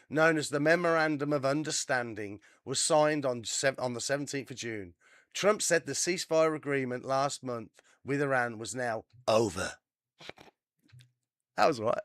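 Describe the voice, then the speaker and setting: A man's voice: a little high, fairly bright tone, dry recording, clean studio sound. A man hosting a livestream, reading news reports aloud with chatty, self-deprecating asides and stumbling over foreign names. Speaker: livestream host. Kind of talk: reading news with casual commentary.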